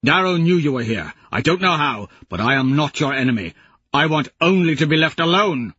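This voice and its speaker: A grave old warrior, as a narrator plays him, calling out firmly that he wants no part in the fight. His voice is raised and a touch husky. The recording is dull and close. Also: fairly high pitch, animated, brisk, no room sound, pitched above the performer's own voice, full character voice. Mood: pleading. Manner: firm, loud calls. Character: grave older male warrior who wants peace.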